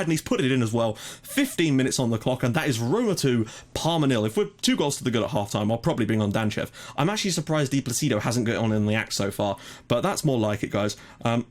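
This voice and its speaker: A young man casually commentating his own football management game, chatty, with frequent fillers and mock match calls. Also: medium pitch. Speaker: gaming YouTuber. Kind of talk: casual let's-play commentary.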